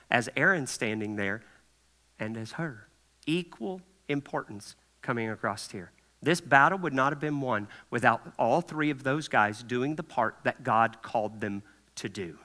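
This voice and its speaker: A man preaching a sermon in an animated, folksy way, often checking in with the congregation. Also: medium pitch. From Kentucky. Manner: animated, folksy, asks the room "right?" often. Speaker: pastor.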